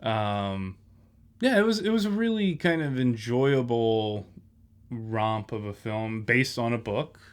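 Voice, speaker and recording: A man's voice: medium pitch, slow, clear, resonant tone. Guy cohosting a movie podcast, casual and rambly, lots of ums. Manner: relaxed, rambling, many fillers. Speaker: podcast co-host. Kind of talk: casual film discussion.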